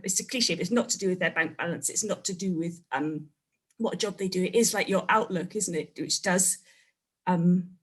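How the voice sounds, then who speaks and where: Woman guest on a chat podcast, mid-pitched, thoughtful, often ends on a tag question. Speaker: podcast guest, family historian. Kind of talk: casual conversation.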